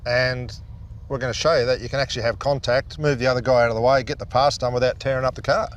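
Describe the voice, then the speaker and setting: A man's voice: mid-range voice, fairly even intonation, fast talker. A man with an Australian accent co-hosting a motorsport show, bantering in short, teasing quips. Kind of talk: casual chat and in-car banter.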